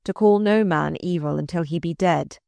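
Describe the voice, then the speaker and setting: A woman reading aloud voices a sardonic, malicious older male courtier who mocks in slow, drawn-out phrases. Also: lowish voice, vocal fry, mellow, no room sound. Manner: mocking, drawn-out.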